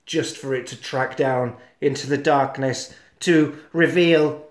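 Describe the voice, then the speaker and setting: A man's voice: medium pitch, slow, roomy sound. A man casually recapping a monster film on a podcast, acting out lines and sound effects with plenty of swearing. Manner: animated storyteller, acts out quotes and sound effects, swears.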